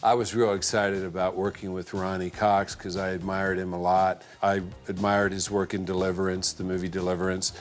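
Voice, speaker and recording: A man from a film's cast or crew reminiscing in an interview, relaxed and conversational. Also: low voice, brisk, hardly any pauses, soft background music. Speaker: film cast or crew member. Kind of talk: anecdotal interview.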